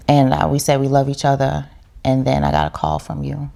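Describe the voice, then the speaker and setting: A woman's voice: sits low, lively intonation, moderate pace, vocal fry, darkish tone. A woman, a podcast guest, telling her story in casual chat in a heartfelt, reflective way.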